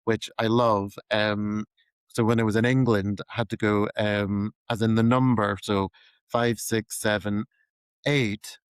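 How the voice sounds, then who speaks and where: Irish guy chatting on a podcast, lowish voice, laughs a lot, dead dry mic. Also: little pitch movement, moderate pace, clear, resonant tone, no echo. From Ireland. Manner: chatty, laughs often, trails off quietly. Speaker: podcast host. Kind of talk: casual chat.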